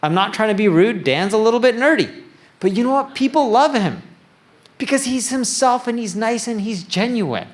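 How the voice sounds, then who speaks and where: High-voiced man giving a casual keynote. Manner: casual, self-deprecating, joking; nerdy, plain-spoken. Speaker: keynote speaker. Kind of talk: conference keynote talk. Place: conference stage before an audience.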